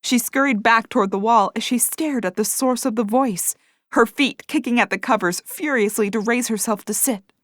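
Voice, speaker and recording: A woman narrating an audiobook in a measured, expressive way. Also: a little high, no room sound, clean studio sound. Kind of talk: scripted narration.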